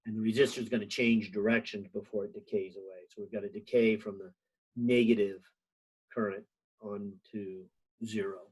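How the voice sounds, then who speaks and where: A man's voice: lowish voice, fairly even intonation, normal speed, husky, poor audio. A man teaching a physics help session over a video call, thinking aloud with lots of fillers and a few light jokes. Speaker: physics instructor. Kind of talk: online class help session.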